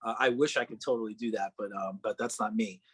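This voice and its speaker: A man raised in Boston, an actor guest on a podcast, talking in a relaxed, chatty way and laughing often. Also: lowish voice, fast, husky, dry recording. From Boston, Massachusetts. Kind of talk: casual podcast chat.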